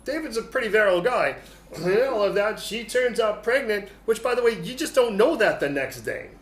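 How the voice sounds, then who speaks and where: High-voiced man preaching in an echoey hall. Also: moderate pace. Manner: animated, humorous storytelling. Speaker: pastor. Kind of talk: sermon. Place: church hall. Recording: echoey hall, faint noise.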